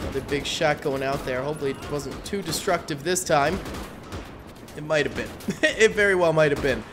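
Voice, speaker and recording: A man giving casual, excitable gameplay commentary on his gaming channel, exclaiming at big moments. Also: fairly high pitch, fairly quick. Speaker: gaming YouTuber. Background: faint game gunfire and music.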